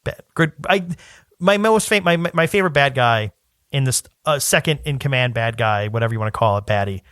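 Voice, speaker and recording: A man co-hosting a podcast in casual chat, rambling through stumbles and restarts, laughing often and dropping into quick put-on voices. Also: medium pitch, lively intonation, a bit bright, clean tone, dry recording, studio quality. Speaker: podcast co-host.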